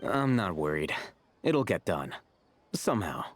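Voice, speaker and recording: An actor voicing an aloof young scholar in a video game, deadpan and understated. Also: male voice, low-pitched, a little slow, no room sound, exaggerated voice. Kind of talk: game voice acting.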